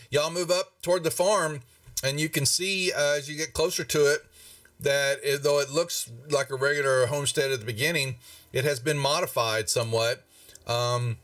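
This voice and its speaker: A man running a tabletop game as game master, narrating in a halting way with lots of fillers. His voice sounds dry and a little off the mic. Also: mid-range voice, a bit bright, no room sound, recorded from a distance.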